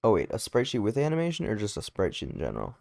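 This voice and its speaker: A man streams his game development, talking casually as he works and answers questions from viewers. His voice sits low and he sounds a bit tired. The sound is dry and close, with no room echo. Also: wildly swooping pitch, rapid-fire, creaky, a little mellow. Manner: chatty, answers viewer questions while working. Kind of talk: casual livestream chat and coding explanation.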